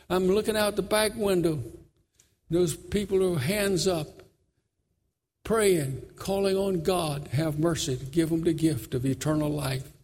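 Husky fervent preacher in a hall. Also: male voice, fairly high pitch, darkish tone. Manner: fervent storytelling, with repeated phrases. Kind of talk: sermon.

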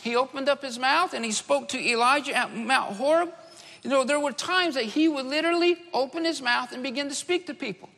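A man's voice: very high voice, a little fast, gravelly, bright, forceful tone. A man preaching a sermon to a congregation, earnest and full of rhetorical questions. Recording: echoey church hall reverb.

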